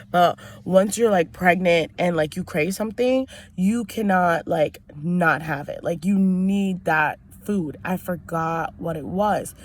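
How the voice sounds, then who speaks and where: A young woman telling a personal story in a casual vlog, chatty and rambling with many fillers and restarts. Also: on the low side. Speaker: vlogger.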